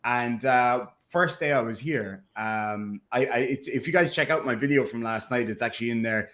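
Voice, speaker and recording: A chatty Irish man whose accent has been softened by life abroad. He talks casually and tells stories with animation. His voice sits at an ordinary pitch for a man. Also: normal speed. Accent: Irish, softened by living in America. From Ireland. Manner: chatty storyteller, animated, slipping into impressions. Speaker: podcast co-host. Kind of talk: casual chat.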